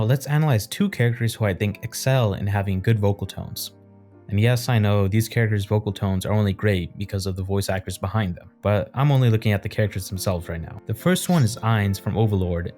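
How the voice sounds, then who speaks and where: Low, mellow-voiced man explaining calmly. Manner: calm, analytical explaining. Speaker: video essayist. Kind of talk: explanatory video essay.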